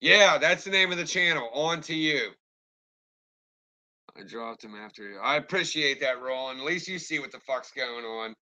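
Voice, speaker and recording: Foul-mouthed ranting man, tense bright voice. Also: mid-range voice, lively intonation, moderate pace. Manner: angry, swears constantly, rambling. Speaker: livestreamer talking to chat. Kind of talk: profane ranting live stream.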